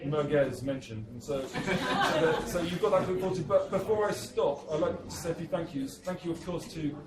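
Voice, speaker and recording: A man's voice: fairly high pitch, animated, fairly quick. An English man in his thirties giving a rambling, self-deprecating talk at a cafe book launch. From England. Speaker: author. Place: busy cafe. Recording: echoey cafe, distant mic, crowd.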